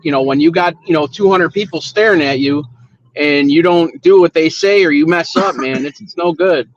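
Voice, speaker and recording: Rambling man host, fairly high voice. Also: normal speed, lo-fi sound, a little hiss or hum. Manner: rambling, restarts, swears when riled. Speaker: show host, wedding DJ. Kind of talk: casual chat.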